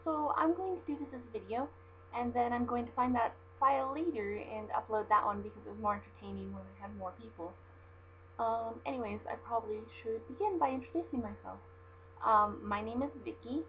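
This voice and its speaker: A young woman with a Southern Californian accent chats casually through a word list, slightly high-voiced and filling gaps with ums. The sound is dull and lo-fi, like a built-in webcam mic, with a faint mains hum underneath. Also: a little fast. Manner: chatty, self-deprecating, with frequent ums.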